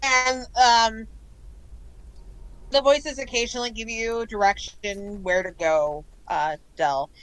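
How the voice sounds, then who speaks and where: A woman's voice: fairly high pitch, slow, no room sound, low-quality recording. A woman narrating as game master of a tabletop game, hesitant with frequent ums.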